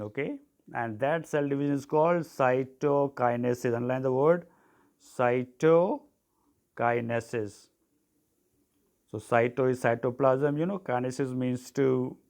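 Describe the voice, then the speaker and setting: A teacher giving a tutorial, dictating notes, spelling terms letter by letter, often saying "okay". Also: male voice, mid-range voice, a little mellow. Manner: repeats "okay" and "so", clears throat often. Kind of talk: classroom tutorial.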